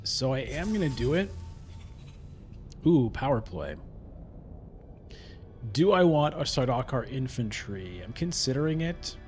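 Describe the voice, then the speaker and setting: A man's voice: mid-range voice, big pitch swings, a little slow, pauses often, soft background music. A man thinking aloud while giving casual gameplay commentary on a digital board game. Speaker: gameplay streamer.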